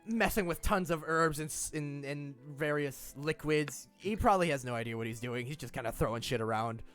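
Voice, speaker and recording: A man narrating a tabletop role-playing game as game master, describing scenes in a loose, relaxed way. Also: on the high side, a little fast, clean tone, faint music behind.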